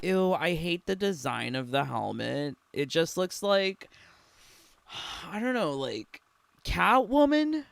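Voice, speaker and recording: A young man reacts to a game trailer with casual, sarcastic commentary, giggling a lot and packing his speech with "like." His voice is high-pitched and very animated, delivered slowly with vocal fry, against a noisy background.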